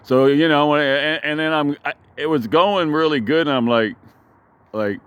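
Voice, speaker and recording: A man's voice: mid-range voice, normal speed, fairly bright tone, clean tone. A man rambling through a profane, digressive story in a casual vlog, recorded outdoors in his backyard.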